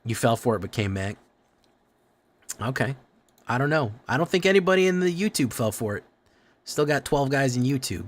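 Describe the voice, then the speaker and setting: A young man streaming a card game live, joking around and chatting excitedly with his viewers. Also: medium pitch, moderate pace, long pauses. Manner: excitable, joking, talks to chat. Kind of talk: casual live-stream commentary while playing a card game.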